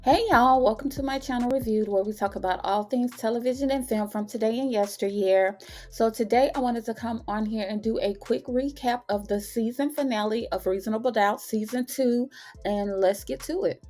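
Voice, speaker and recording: A woman's voice: on the high side, moderate pace, dark tone, faint music behind. A woman hosting her own review channel, chatting through a TV episode recap with dramatic retellings and slangy asides. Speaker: TV and film review channel host.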